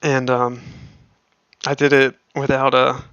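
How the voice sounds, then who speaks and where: A man's voice: medium pitch, little pitch movement, slow, fairly bright tone, clean tone, no echo, highs cut off. A man hosting a livestream, chatting casually and rambling with lots of fillers and frequent laughs. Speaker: livestream host.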